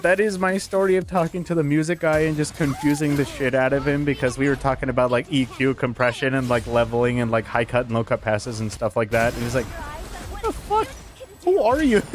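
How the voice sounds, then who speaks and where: A man streaming from home into a studio microphone, casually chatting, telling stories animatedly with casual swearing and frequent laughter. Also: medium pitch. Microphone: dynamic studio microphone.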